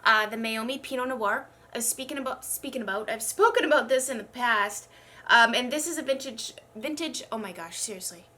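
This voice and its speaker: A young beauty vlogger, her voice a little high, fairly quick, bright and forceful, chats casually while doing her makeup over slight background noise. She sounds congested and struggles a bit to speak, rambling chattily and poking fun at herself in a get-ready-with-me style.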